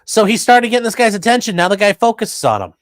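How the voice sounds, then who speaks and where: A man's voice: high-pitched, fast talker, no echo. A man hosting a podcast, commenting sarcastically and profanely on news clips. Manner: sarcastic, profane, animated mockery. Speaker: podcast host.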